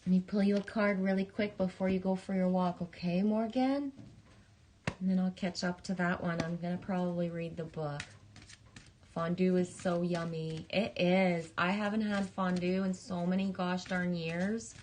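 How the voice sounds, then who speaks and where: A woman's voice: on the low side, steady tone, moderate pace, darkish tone, slight background noise. A woman live streamer chatting casually, laughing often as she greets viewers and pulls oracle cards.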